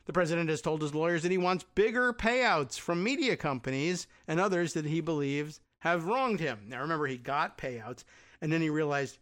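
A man with a slightly higher voice reads a news article aloud in a loose, conversational way. He keeps stopping to add sarcastic, wry asides before picking up the text again. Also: expressive, normal speed, fairly bright tone. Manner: sarcastic, wry asides between read passages. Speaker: commentator reading news aloud. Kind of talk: casual political commentary reading an article.

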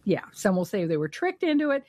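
A woman's voice: medium pitch, big pitch swings, a little fast, darkish tone, dry recording, studio quality. A woman co-hosting a political podcast, speaking bluntly and with scorn. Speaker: podcast co-host. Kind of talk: political commentary chat.

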